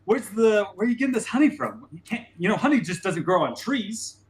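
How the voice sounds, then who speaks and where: A man's voice: high voice, sing-song, brisk, roomy sound. A man playing a tabletop role-playing game in character, stammering and flustered, with lots of restarts. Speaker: player.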